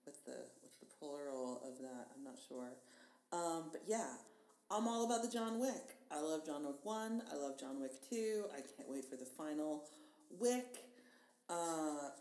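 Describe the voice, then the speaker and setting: A woman's voice: low-pitched, expressive, unhurried, a little mellow. A woman guest in casual chat, enthusiastic and chatty, thinking aloud with fillers. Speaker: podcast guest. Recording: echoey room with faint hiss.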